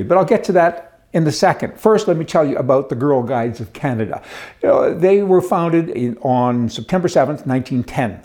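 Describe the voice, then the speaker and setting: A man's voice: on the high side, darkish tone. A man hosting an opinionated monologue, rambling and scornful, with chuckles and restarts. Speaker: commentary show host.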